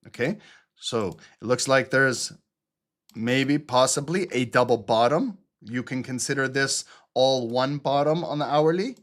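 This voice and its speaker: A man's voice: mid-range voice, unhurried. A man hosting live trading commentary, talking through chart drawings as he explains his analysis. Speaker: trading channel host.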